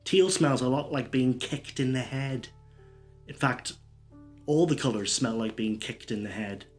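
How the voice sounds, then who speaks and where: A man's voice: mid-range voice, measured pace. Brief: man, absurd one-liner stand-up, rambling delivery, faint music behind. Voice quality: rambling, self-interrupting. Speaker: stand-up comedian.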